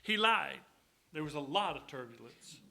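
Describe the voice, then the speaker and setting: Guy preaching, middle-aged, kinda high bright voice, folksy jokey storyteller in church. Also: animated, normal speed, vocal fry. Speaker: guest preacher. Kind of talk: sermon with storytelling. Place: church sanctuary.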